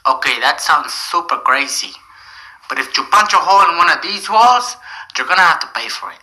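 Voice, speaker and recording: A man's voice: on the high side, lively intonation, a little fast, bright, forceful tone, rough recording. A man acting in a comedy sketch as a rude, dismissive fake therapist who mocks his patient.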